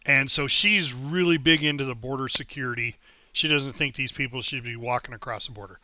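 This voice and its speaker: A man's voice: mid-range voice, a little fast, pushed and bright, dry recording, lo-fi sound. A middle-aged man streaming a game, telling long personal stories in a casual, rambling way and thanking his followers. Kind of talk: casual storytelling while livestreaming.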